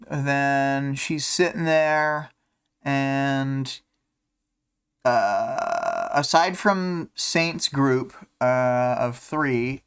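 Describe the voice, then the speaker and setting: Male host, unhurried casual talker, clean resonant tone, filler-heavy delivery. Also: mid-range voice, smooth. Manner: rambling, many fillers, hums to himself. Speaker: podcast host. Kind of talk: casual chapter discussion.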